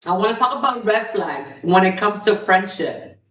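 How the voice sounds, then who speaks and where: A woman's voice: normal speed, recorded from a distance. Exuberant woman host in a roomy space. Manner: exuberant, repeats phrases, swings from low to high excited exclamations. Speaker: podcast host. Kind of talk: casual solo talk. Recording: roomy, from off the mic.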